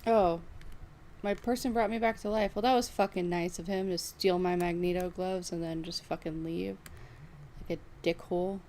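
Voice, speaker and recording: A woman's voice: on the low side, fairly even intonation, normal speed, mellow, a little hiss or hum. A woman streamer on a live stream, swearing constantly and breaking into angry outbursts as she plays. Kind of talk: live stream gaming and reacting.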